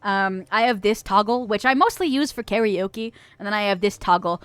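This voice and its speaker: A woman's voice: mid-range voice, expressive, brisk, few pauses, a bit bright, smooth, no room sound. A young woman from Las Vegas chatting casually on a livestream as a VTuber, giggling often, swearing casually and reading viewer messages aloud. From Las Vegas, United States. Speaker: VTuber streamer. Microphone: close studio mic.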